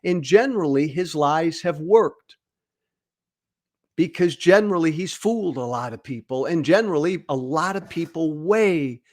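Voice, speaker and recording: A man's voice: on the high side, animated, normal speed, a little mellow. A man hosting a political commentary show, talking bluntly and candidly, often repeating words for emphasis. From United States. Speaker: podcast host and political commentator.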